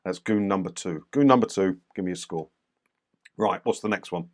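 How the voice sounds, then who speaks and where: A man's voice: sits low, normal speed. A man giving casual, wry commentary on video clips, dismissive of unnecessary arguing. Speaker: commentator reviewing doorstep clips.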